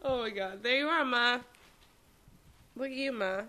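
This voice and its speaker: A young woman co-hosting a podcast in casual chat, laughing often and filling pauses with "um". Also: fairly high pitch, bright, forceful tone. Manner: laughs often, many fillers. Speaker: podcast co-host.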